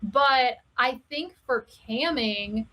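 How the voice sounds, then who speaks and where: A woman talking candidly as a podcast guest, telling stories with laughs and quick asides. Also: sits high. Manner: candid, laughing, animated storytelling. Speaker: guest, cam performer. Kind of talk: casual podcast chat.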